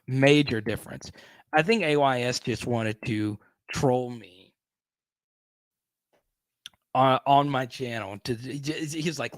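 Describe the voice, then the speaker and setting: A man's voice: medium pitch, takes it slowly, pauses often, no echo. A man hosting a casual live stream, chatting and reading viewer comments aloud.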